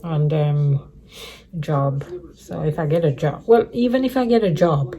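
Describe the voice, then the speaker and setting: Unhurried and mellow, with a voice that sits low, a middle-aged woman living on the streets gives her viewers a casual vlog update. She meanders, repeats herself and often starts sentences over.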